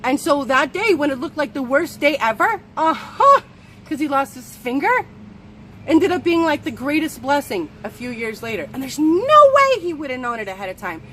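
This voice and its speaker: A woman coach tells a story in a lively, animated way, slipping into the voices of the people in it. Her voice sits a little high, and faint traffic hums behind her. She talks casually and loosely. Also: normal speed, poor audio. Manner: animated, acts out quoted voices. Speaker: well-being coach.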